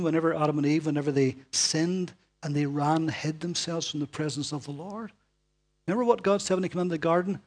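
High husky preacher. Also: male voice. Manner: dramatic, swings from loud calls to hushed whispers; asks the listeners rhetorical questions. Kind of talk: sermon.

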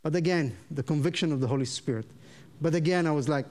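A man from Israel, preaching his testimony in an animated way and acting out the voices in his story. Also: fairly high pitch, fast. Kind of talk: sermon testimony.

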